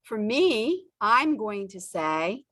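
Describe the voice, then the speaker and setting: Very slow, careful woman teacher. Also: mid-range voice, very animated, a bit bright. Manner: stretches out example sentences, pausing often. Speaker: English teacher. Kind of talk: slow, deliberate ESL lesson.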